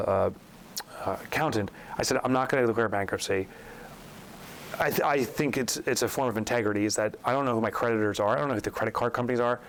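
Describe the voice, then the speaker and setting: Animated storytelling man, voices his quotes. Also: mid-range voice, a little hiss or hum, rough recording. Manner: animated storyteller acting out quotes, rising sharply when incredulous. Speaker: guest, author and business coach. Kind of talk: storytelling in a podcast interview.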